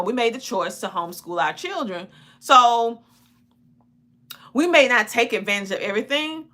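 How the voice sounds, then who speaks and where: A woman's voice: mid-range voice, pushed and bright. A woman with a Southern US country twang, chatting folksily about homeschooling on a talk show. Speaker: homeschooling parent guest. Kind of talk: casual talk show chat.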